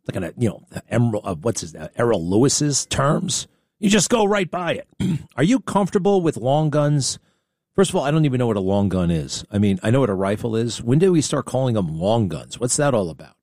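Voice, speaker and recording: A man hosting a talk show, commenting on debate clips in a sarcastic, animated way, his voice jumping up when excited. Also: mid-range voice, brisk, dry recording, studio quality.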